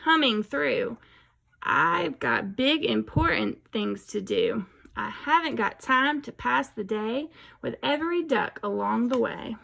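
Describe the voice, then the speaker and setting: A woman voicing a big, self-important male dump truck in a picture-book reading, sounding brusque and hurried. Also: fairly high pitch, animated, vocal fry, sharp tone, full character voice, low-quality recording.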